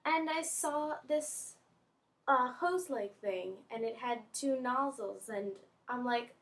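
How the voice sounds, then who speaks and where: Animated young woman telling a story. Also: a little high, slow. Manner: animated, squeals and laughs at her own story. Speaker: vlogger. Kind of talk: casual storytelling.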